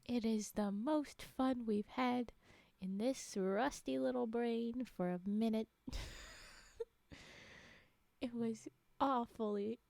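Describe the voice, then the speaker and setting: Giggly woman streamer, soft whispery asides. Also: fairly high pitch, fairly even intonation, slow, pauses often, no echo. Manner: giggly, rambling, often drops into a breathy whisper. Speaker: livestream host. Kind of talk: casual livestream chat.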